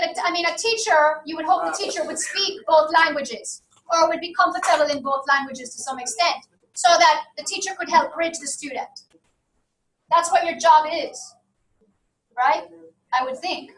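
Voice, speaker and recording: A high-voiced woman teaches a class in a conversational way, often turning to the room with a quick question. She is recorded from some distance in an echoey classroom. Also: a bit bright. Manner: conversational, asks the class for agreement. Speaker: lecturer. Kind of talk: university lecture.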